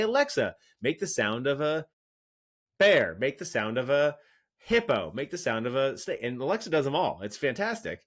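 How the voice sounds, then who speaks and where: A man in his thirties with a mid-range voice that swings widely in pitch. He co-hosts a casual podcast and tells animated, laughing stories about his daughter. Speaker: podcast co-host. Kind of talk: casual chat.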